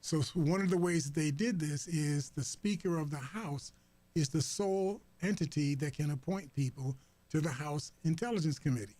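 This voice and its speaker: Halting man hosting talk radio. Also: a little high, dark tone. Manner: halting, many fillers and restarts. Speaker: radio host. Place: radio studio. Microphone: studio microphone.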